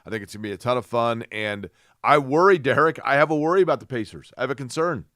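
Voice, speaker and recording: A man's voice: mid-range voice, quick pace, a bit bright, dry recording, studio quality. A man co-hosting a sports podcast, easygoing and playfully fussy. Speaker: podcast co-host. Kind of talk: casual sports chat.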